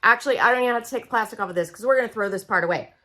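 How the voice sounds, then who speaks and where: A woman's voice: a little high, very fast, sharp tone. A woman from Oklahoma, chatting through a casual how-to demonstration and talking to viewers like friends. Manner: chatty and folksy, talks straight to viewers as friends. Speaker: product demonstrator.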